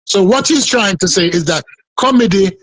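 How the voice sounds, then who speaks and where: Guy in a live debate pushing the same question again and again, kinda high voice, dry sound. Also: expressive, normal speed, fairly bright tone, no echo, low-quality recording. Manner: insistent, repeats questions. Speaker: panelist.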